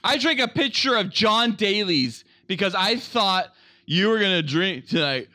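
Higher-voiced deadpan podcast co-host man. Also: measured pace, no room sound, clean studio sound. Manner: deadpan teasing, mock-serious delivery. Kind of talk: crude comedic podcast banter.

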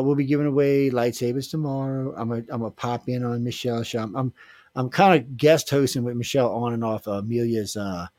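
A man's voice: mid-range voice, darkish tone, no room sound. A man hosting a casual radio show, joking and rambling with filler restarts. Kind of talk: casual live radio chat.

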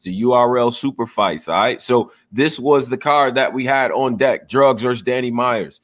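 A man's voice: mid-range voice, moderate pace. A middle-aged man hosting a casual streamed chat, talking in loose slangy banter. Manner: loose slangy banter, frequent "you know what I mean". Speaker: stream host.

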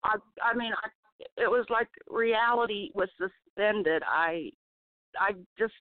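A woman's voice: medium pitch, no echo. Woman testifying over a tinny phone. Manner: halting, emotional, often restarts. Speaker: testimony guest. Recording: dry tinny phone line.

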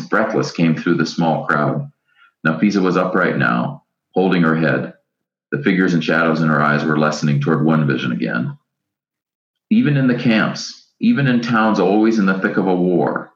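A man with a very deep voice reads a novel aloud at a measured, unhurried pace, now and then correcting himself. The recording sounds roomy and somewhat dull. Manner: measured, unhurried reading with small self-corrections. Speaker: reader.

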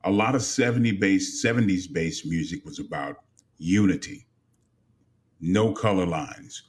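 A male radio host with a very low voice poses a question in a relaxed, conversational way. He keeps agreeing with his guest between points. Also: measured pace. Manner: agreeable, affirming interjections. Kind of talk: casual interview.

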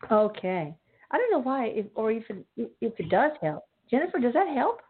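A woman's voice: fairly high pitch, big pitch swings, moderate pace, breathy edge. A woman hosting a call-in radio show, who speaks affectionately to callers and calls them honey and sweetie. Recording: thin phone line.

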